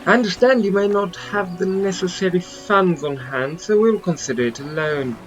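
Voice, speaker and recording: A man voicing a posh, smooth-talking English male mayor with formal, polished speech. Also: sits high, normal speed, dull audio, soft background music, pitched above the performer's own voice, lightly acted. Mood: courteous.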